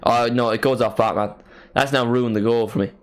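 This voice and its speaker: A man hosting a live match watchalong, giving casual play-by-play commentary with jokey asides and excited calls. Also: medium pitch, fairly quick, smooth.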